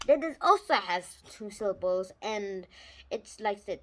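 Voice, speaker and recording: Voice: moderate pace, slight background noise. Eager child rambling through a report. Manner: eager, rambling explanations with frequent restarts; lively jumps in pitch and loudness. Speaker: video reviewer. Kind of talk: casual spoken video report.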